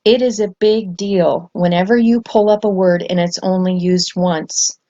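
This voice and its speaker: A woman giving a spontaneous scripture lesson, earnest and excited, with frequent ums and self-corrections. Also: medium pitch, measured pace. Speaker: spiritual teacher. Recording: dull lo-fi sound.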